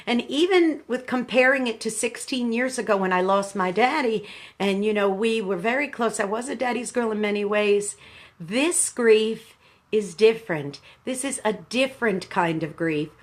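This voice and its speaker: A woman in her sixties, a radio station manager, gives a reflective, halting live talk to her viewers while grieving, calling them "boys and girls.". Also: medium pitch.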